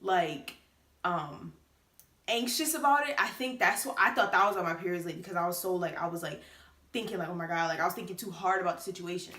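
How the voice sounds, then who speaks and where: A woman's voice: fairly low pitch, a little fast, bright, forceful tone, echoey room. A late-teen woman telling a personal story to the camera, chatty and casual with many fillers. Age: late teens. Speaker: vlogger.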